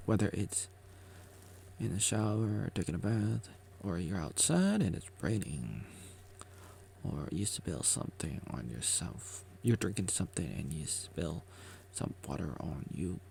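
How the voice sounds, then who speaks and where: A man's voice: low-pitched, very animated, unhurried, creaky, a little mellow, slight background noise. A man vlogging a rambling motivational monologue, repeating himself and joking with himself as he talks.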